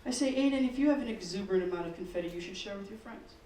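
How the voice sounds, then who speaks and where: Stand-up comic, male, high-pitched and deadpan, recorded in an echoey room from a distance. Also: racing, a little hiss or hum. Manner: deadpan storytelling, swearing, acting out kids in squeals. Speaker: stand-up comedian. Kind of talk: stand-up comedy set. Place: comedy open mic room.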